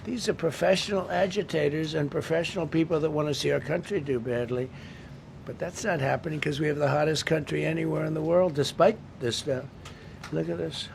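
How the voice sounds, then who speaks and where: A man's voice: on the high side, brisk, gravelly, darkish tone, slight background noise. A man speaking off the cuff at a press briefing, rambling, repetitive and emphatic.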